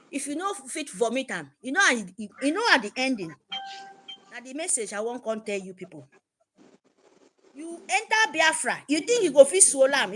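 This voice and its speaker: A woman's voice: high voice, fairly bright tone. A woman with a Nigerian accent, giving an impassioned, repetitive address to her supporters. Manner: fervent, emphatic, repetitive. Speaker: activist speaker.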